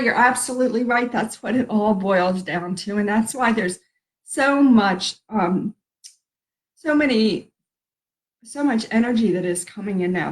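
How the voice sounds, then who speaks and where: In a low-quality recording, a middle-aged woman with a fairly high voice hosts a casual spiritual live stream. She rambles about love and connection, laughing at herself along the way.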